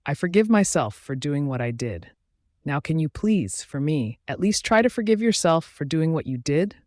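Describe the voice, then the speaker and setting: A man's voice: fairly high pitch, big pitch swings, normal speed, no room sound, studio quality. A man voicing an earnest, forgiving young mate who pleads insistently in an audiobook romance. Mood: pleading.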